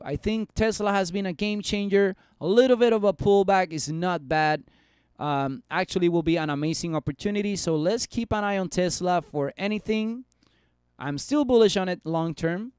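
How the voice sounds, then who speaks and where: A man's voice: high voice, smooth, dry recording. A man giving casual live stock analysis, chatty and bantering with his chat on a close mic. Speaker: stock market streamer.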